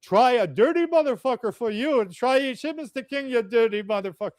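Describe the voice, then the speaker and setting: A man's voice: extremely high pitch, animated, brisk, darkish tone, no room sound, studio quality, pitched above the performer's own voice. A man imitating an angry foreign man who mangles his curse words in broken, stilted insults. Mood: indignant.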